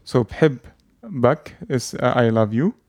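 A man's voice: mid-range voice, moderate pace, darkish tone, dry recording. Hesitant man explaining, dry sound. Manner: hesitant, many fillers and restarts. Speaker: language teacher. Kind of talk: casual explaining.

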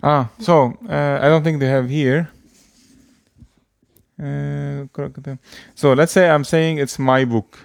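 A man's voice: on the high side, steady tone, slow, creaky, dry recording. Hesitant man explaining, dry sound. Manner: hesitant, many fillers and restarts. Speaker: language teacher. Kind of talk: casual explaining.

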